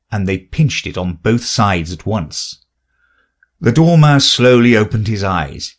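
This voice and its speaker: A man reading a children's classic aloud as an audiobook narrator, in an expressive storytelling manner. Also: on the low side, moderate pace. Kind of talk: scripted narration.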